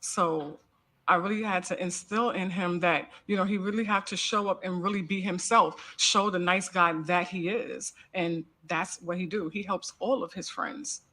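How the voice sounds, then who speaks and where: A woman giving earnest, halting testimony as a character witness in a courtroom. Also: on the low side, pushed and bright.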